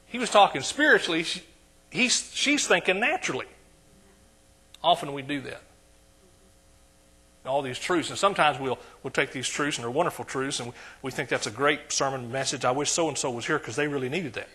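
A man with an East Texas accent preaching a sermon in a church, calling for amens and swinging between quiet asides and loud emphasis. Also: on the high side, expressive, brisk, breathy edge.

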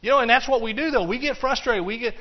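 A man's voice: very high-pitched, quick pace. A man preaching a sermon, emphatic and telling a story, with frequent restarts. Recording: dull lo-fi recording.

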